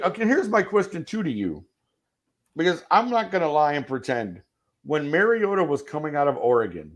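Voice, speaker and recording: A man hosting a casual football talk show, asking long rambling questions with jokes. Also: mid-range voice. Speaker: football podcast host. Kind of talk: casual sports chat.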